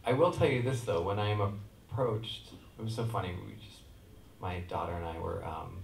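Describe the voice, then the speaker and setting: A man in his forties answering at a convention panel, telling stories with halting restarts and chuckles. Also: low-pitched, gravelly. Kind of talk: rambling anecdotal panel answer. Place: large convention hall. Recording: echoey hall, far from the mic, noisy.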